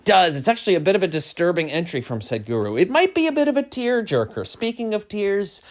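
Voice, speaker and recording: A middle-aged man hosting a comedic podcast monologue, rambling and jokey, swinging between a mock-solemn hush and sudden loud bursts. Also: high-pitched, big pitch swings, brisk. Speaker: podcast host.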